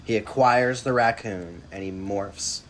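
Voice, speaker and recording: A man's voice: fairly low pitch, a little slow, a bit bright. A man co-hosting a podcast, chatting casually about a book and dropping wry, sarcastic asides. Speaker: podcast co-host.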